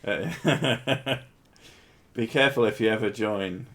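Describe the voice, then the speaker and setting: A man's voice: on the low side, takes it slowly, a bit bright. A man hosting a casual livestream, reading viewer comments aloud with crude jokes and frequent laughter. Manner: crude, joking, laughs often. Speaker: streamer host.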